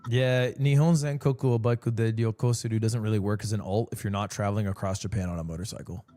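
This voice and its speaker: A man streaming, telling jokey stories to his chat in a casual, animated way. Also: quick pace, soft background music. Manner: joking, animated storytelling with sudden pitch jumps.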